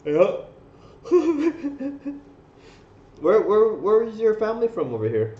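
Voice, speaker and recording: A man's voice: sits high, wildly swooping pitch, slow, mellow. Rambling, profane man on a live stream. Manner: rambling, profane, laughs often. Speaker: trading livestream host. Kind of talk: casual live-stream chat. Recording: roomy, slightly dull stream audio.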